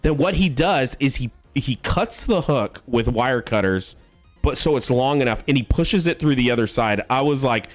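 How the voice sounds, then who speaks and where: A man's voice: medium pitch, lively intonation, normal speed, faint music behind. A man in his thirties, a streamer, casually telling a long story in a rambling, profane way full of fillers. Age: 30s.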